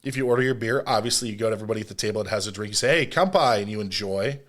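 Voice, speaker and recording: A man's voice: fairly low pitch, level tone, racing. A man hosting a solo podcast, explaining food etiquette in an emphatic way with scolding asides. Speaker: podcast host.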